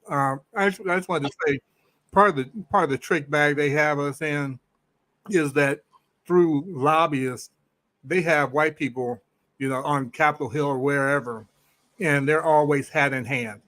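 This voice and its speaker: A man calling in to a live discussion as a guest, speaking in a measured, thoughtful way with some hesitations. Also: a little high, fairly bright tone, no room sound, rough recording. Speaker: guest caller. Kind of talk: casual call-in commentary.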